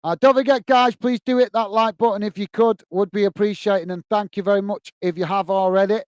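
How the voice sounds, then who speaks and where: A man with a high voice and steady tone talks fairly quickly and smoothly, with no echo, while hosting a live football watch-along. Between commentary on the match he chats casually, reads viewer messages, rambles with self-corrections, and calls people "mate."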